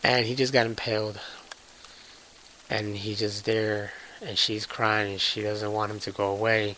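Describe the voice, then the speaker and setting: A man casually recapping a film's plot with heavy swearing and excitable storytelling. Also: lowish voice, unhurried, a little hiss or hum, low-quality recording. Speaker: movie reviewer.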